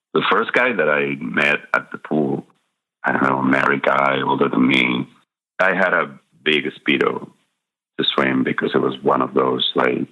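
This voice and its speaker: A man's voice: a bass voice, creaky, pushed and bright. A middle-aged man from Spain with a Spanish accent, telling candid personal stories as a guest, full of fillers and small laughs. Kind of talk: personal storytelling. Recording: dull lo-fi sound.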